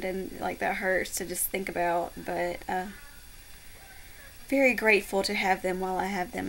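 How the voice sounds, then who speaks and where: A young-sounding woman speaks softly and haltingly to her camera, full of fillers and little pauses, with a gravelly fry and a flat, even pitch. A faint hiss sits under her voice. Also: poor audio. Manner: soft-spoken, halting with many fillers. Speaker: vlogger. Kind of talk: casual heartfelt talk to camera.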